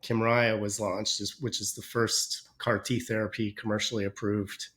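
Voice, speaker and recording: A man's voice: fairly low pitch, level tone, normal speed, fairly bright tone. A man with a stuffy, nasal voice from a cold, telling his career story as a podcast guest, rambling and correcting himself as he goes. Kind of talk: casual interview chat.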